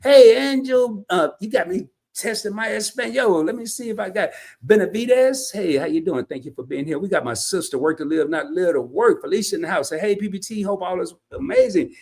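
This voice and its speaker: A man hosting a casual livestream, reading viewer comments in a folksy, slangy, animated way. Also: high-pitched, fairly quick, husky. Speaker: livestream host.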